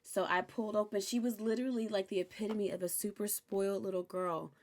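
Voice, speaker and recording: A young woman hosting a recap show, chatting casually and candidly, animated and swearing freely. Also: medium pitch, brisk. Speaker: host recapping a TV episode. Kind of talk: casual chat.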